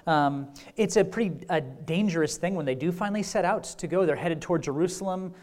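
A man's voice: high voice, fairly quick, darkish tone. A man teaching a conference sermon in a conversational way, with frequent fillers, rhetorical "right?" checks and wry humor. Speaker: pastor.

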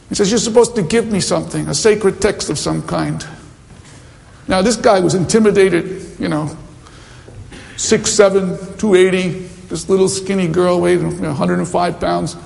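A man's voice: sits high, steady tone, normal speed, creaky, a little mellow. A man preaching a sermon, telling mission stories in a conversational, anecdotal way with many asides. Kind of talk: sermon with storytelling. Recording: long reverb of a hall.

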